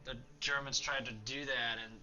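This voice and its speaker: A man's voice: medium pitch, fairly even intonation, normal speed, highs cut off, over music. A young man hosting a let's play, chatting casually and rambling through history with lots of fillers. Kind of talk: casual gameplay commentary.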